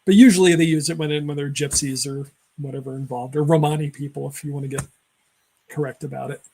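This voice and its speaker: Rambling man with fillers, raised pitch. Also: fairly even intonation, quick pace, creaky, a little mellow. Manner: rambling, many fillers and self-corrections. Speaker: podcast co-host. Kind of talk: casual film chat.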